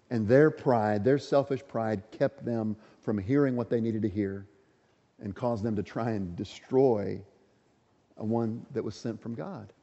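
Earnest preacher, mellow voice. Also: male voice, mid-range voice, big-room sound, dull audio. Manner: earnest, emphatic, asks the congregation questions. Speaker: pastor. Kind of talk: sermon.

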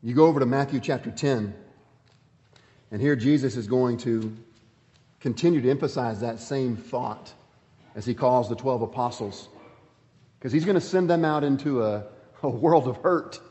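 A man's voice: normal speed, pauses often, warm tone, in a large hall, dull audio. A man preaching a sermon as pastor, emphatic, rising and falling sharply as he reads scripture and drives home his points. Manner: emphatic preaching with dramatic swings in pitch and volume.

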